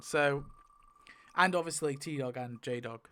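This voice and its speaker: A man thinking aloud in casual commentary as he spins a wheel to rewrite a story, swinging to loud outbursts. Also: fairly high pitch, moderate pace. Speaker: YouTuber.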